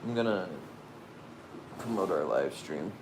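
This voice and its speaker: A man's voice: sits low, animated, measured pace, background noise. A young man co-hosting a casual live stream, speaking in a laid-back, hesitant way.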